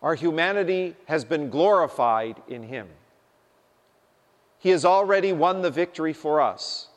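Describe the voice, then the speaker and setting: A man preaching a sermon, speaking in a deliberate, emphatic way. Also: fairly high pitch, animated. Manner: slow, deliberate, emphatic delivery. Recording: long reverb of a large hall.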